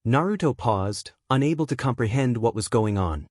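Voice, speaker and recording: A man reads a fan fiction story aloud, his pitch moving in a lively way through the narration. The sound is dry and close, with no room around it. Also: moderate pace, dry recording.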